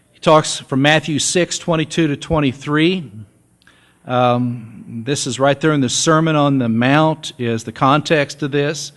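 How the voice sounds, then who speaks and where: A male pastor giving a relaxed, conversational sermon, joking with his congregation and repeating his key points. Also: medium pitch. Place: church sanctuary.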